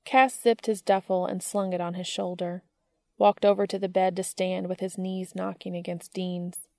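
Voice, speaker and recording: A woman reading a piece of fiction aloud in a steady storytelling manner. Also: on the low side, moderate pace, gravelly, no room sound, clean studio sound. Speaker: fiction reader.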